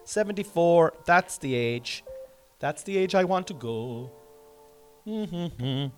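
A man's voice: fairly high pitch, lively intonation, unhurried, faint music behind. A man in his forties musing aloud in a casual, rambling monologue, self-mocking and swearing freely. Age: 40s.

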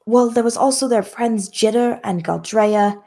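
A woman's voice: on the high side, measured pace, gravelly, dark tone. A woman player in a tabletop role-play game, chatty and rambling, describing her character's actions.

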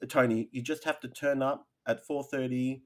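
A man's voice: mid-range voice, fairly even intonation, moderate pace. A man co-hosting a podcast, speaking in a sincere, emphatic way. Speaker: podcast co-host. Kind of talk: casual chat.

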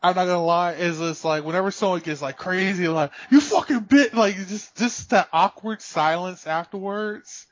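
A man's voice: high-pitched, steady tone, normal speed, few pauses, fairly bright tone, no echo. A man chatting casually on a podcast, laughing often, swearing freely and acting out quotes. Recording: dull, lo-fi sound.

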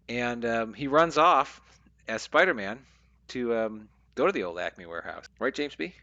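Bright-voiced man chatting about comics. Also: mid-range voice, lively intonation, no echo, muffled recording. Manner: halting, many fillers and restarts. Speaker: podcast co-host. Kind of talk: casual comic book discussion.

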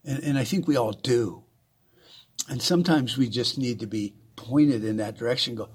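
A man's voice: medium pitch, normal speed, breathy edge. Blunt, profane man ranting. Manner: blunt, swearing, repeats words, mocking asides. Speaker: podcast host. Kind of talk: profane political rant.

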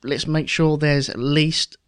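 A man with a slightly high voice co-hosts a podcast in easy, wry chat. His joking replies are recorded dry and close. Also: steady tone, takes it slowly, smooth, no room sound. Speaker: podcast co-host. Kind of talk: casual chat.

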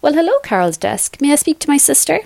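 A woman's voice: high voice, big pitch swings, quick pace, gravelly, a little mellow, no echo, voice pushed up, heavily acted. A woman doing a chirpy, teasing sister. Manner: playful and chirpy. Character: cheerful teasing sister, new mother.

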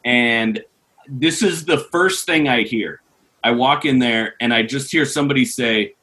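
A man telling a long, animated story on a podcast, laughing often as he goes. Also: medium pitch, a little slow. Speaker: podcast co-host. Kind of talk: casual storytelling.

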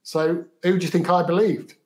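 Guest: man, fairly high voice, halting, repeats himself, matter-of-fact. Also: steady tone, darkish tone. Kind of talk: storytelling in an interview.

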